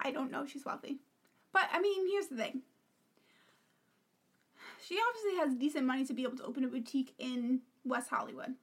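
A woman's voice: high-pitched, fairly quick, pauses often, breathy edge. A young woman co-hosting a podcast in casual, opinionated chat, sometimes dropping to a whisper. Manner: chatty, opinionated, often drops to a whisper. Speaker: podcast co-host.

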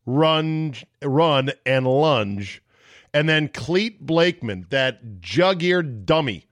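A man's voice: a little high, fairly bright tone, smooth, no room sound. A man talks sports on his own podcast, close to the mic in a dead, dry room. He rants with wry exasperation and puts on mocking voices to quote other people. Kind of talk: solo sports talk monologue.

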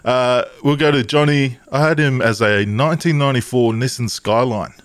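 A man from Tonga co-hosting a podcast, laid-back and quick to laugh in casual banter. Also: medium pitch, no echo. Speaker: podcast co-host.

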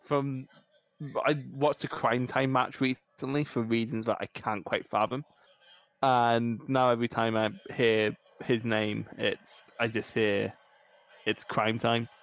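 A man's voice: mid-range voice, fairly even intonation, unhurried, no room sound. A young man co-hosting a casual watchalong podcast, teasing his friends with wry banter. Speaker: podcast co-host.

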